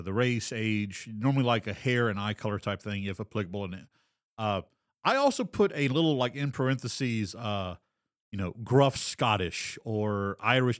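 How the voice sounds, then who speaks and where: A man's voice: on the low side, dry recording, studio quality. A man co-hosting a podcast as a game master, chatting casually and rambling with lots of fillers. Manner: rambling, filler-heavy, drops into quick character voices. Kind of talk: casual chat.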